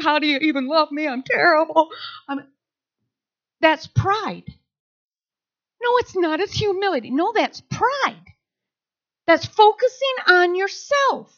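A woman's voice: high-pitched, fairly bright tone. A middle-aged woman pastor preaching a conversational sermon, slipping into little quoted voices. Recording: dull lo-fi sound.

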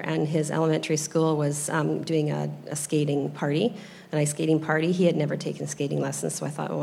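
A woman's voice: low-pitched, vocal fry, darkish tone, slight background noise. A woman in her thirties telling a personal faith story in a casual chat, hesitant and full of ums, close to tears as she speaks. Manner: hesitant, with many ums, tearful when moved. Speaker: guest sharing a testimony.

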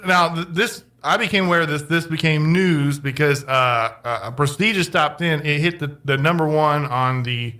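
A man from Texas hosting a casual podcast chat, talking in halting starts and restarts. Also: on the high side, sharp tone.

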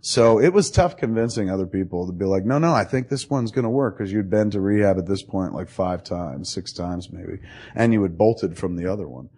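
A man's voice: low voice, lively intonation, brisk, dark tone. A middle-aged man in casual conversation, telling a long profane story and acting out what people said. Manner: rambling, profane, acts out quoted dialogue.

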